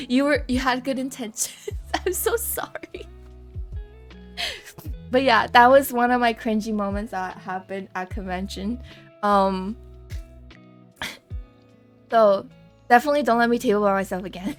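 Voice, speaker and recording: Young female streamer, casual giggly chat, slightly high voice over soft background music. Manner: giggly, rambling, self-deprecating storytelling. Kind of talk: casual live-stream chat while drawing.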